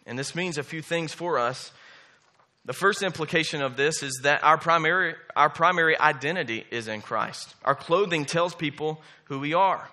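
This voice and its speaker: A man's voice: on the high side, bright, forceful tone. A man, preaching a sermon, emphatic and repetitive, often checking in with "okay?" and "right?". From Southern US.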